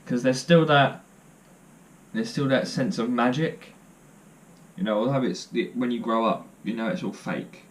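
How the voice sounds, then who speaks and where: A man's voice: medium pitch, a little slow, long pauses, a little hiss or hum. A young man telling stories to camera in a casual vlog, joking and self-deprecating as he rambles. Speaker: vlogger.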